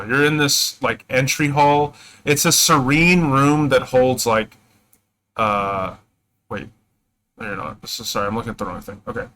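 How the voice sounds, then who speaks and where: A man's voice: mid-range voice, sharp tone, poor audio. A man narrating as game master, hesitant and full of fillers and self-corrections.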